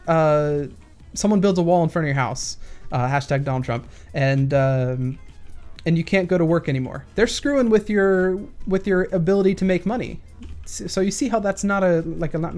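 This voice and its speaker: Over soft background music, a gaming YouTuber speaks at a moderate pace in a fairly high, slightly mellow voice. He's doing a casual Q&A rant during shooter gameplay, rambling, restarting frequently, and explaining through analogies.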